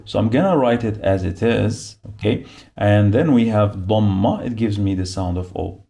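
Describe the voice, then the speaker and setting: A man's voice: on the low side, normal speed, creaky, mellow. A man giving a beginner phonics lesson, repeating each sound and syllable patiently as he explains the marks. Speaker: Arabic teacher.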